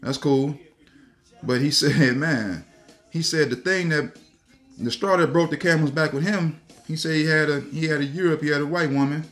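A man's voice: on the high side, moderate pace, fairly bright tone. Profane rambling man telling stories. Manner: profane, laughing, rambling, repeats himself. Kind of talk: casual storytelling rant.

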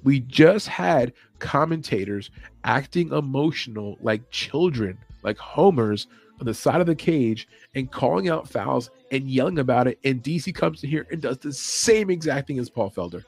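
A man hosting a late-night livestream, chatting loosely with his viewers and swearing freely, and now and then mimicking commentators with sudden yells and whispers. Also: mid-range voice, animated, normal speed, vocal fry, husky. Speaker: podcast host. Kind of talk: casual livestream chat. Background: faint music playing.

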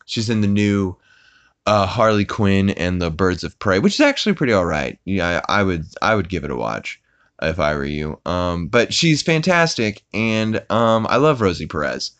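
A man's voice: deep voice, very animated, normal speed, a bit bright, smooth, no echo. A man hosting a podcast, casually recapping an episode with rambling asides and lots of fillers. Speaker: podcast host.

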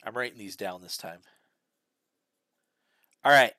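A man hosting a casual podcast, brisk and matter-of-fact as he presents awards. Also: on the low side, sharp tone, no echo, studio quality. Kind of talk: casual chat.

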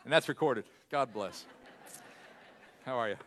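A man preaching a sermon as pastor, animated, often stumbling over his words and restarting. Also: medium pitch, measured pace. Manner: animated, self-correcting preacher with frequent restarts.

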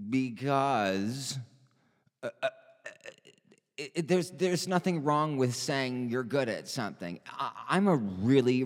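A man's voice: lowish voice, long reverb tail. A man doing a rambling comic stand-up monologue, laughing at his own jokes and slipping into put-on accents. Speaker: stand-up comedian.

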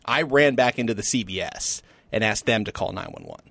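A man co-hosting a casual podcast chat, telling a story in an animated, self-deprecating way. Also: fairly low pitch, brisk, creaky, dry recording. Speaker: podcast co-host.

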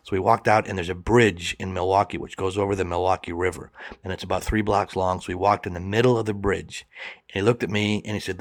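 Low-voiced man spinning a yarn. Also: fast talker, no room sound, studio quality. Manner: animated, acts out both sides of the dialogue. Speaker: guest telling a personal story. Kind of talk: conversational storytelling.

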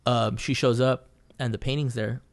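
A man's voice: mid-range voice, steady tone, moderate pace. A man, a painter and podcast guest, telling a story in casual chat, swearing freely and rambling through fillers and restarts.

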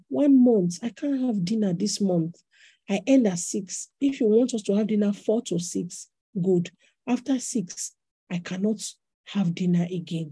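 A Nigerian woman pastor preaching an animated sermon, acting out little scenes as she goes. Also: fairly high pitch, breathy edge, dry recording. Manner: animated preaching, acts out voices in anecdotes.

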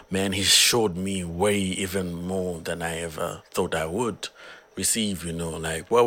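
A hoarse man from Zambia, earnestly talking through his own song in a casual, rambling way. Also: low voice, a bit bright. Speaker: musician.

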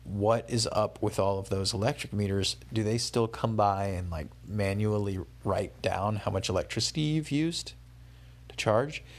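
Young male vlogger, lowish voice, loose rambling travel-diary talk full of fillers. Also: moderate pace. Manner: rambling and conversational, with many fillers and restarts. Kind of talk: casual spoken travel diary.

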